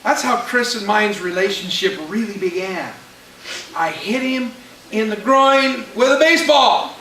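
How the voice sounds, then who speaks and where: Animated man preaching in an echoey hall. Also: sits high, a little slow. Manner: animated storyteller acting out quotes. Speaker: pastor. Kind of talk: sermon storytelling. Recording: echoey room, mic at a distance, faint hiss.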